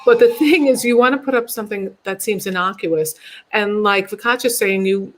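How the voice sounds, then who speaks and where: A woman comedian on a virtual panel over a video call, telling stories in an animated, sarcastic way. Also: medium pitch, normal speed.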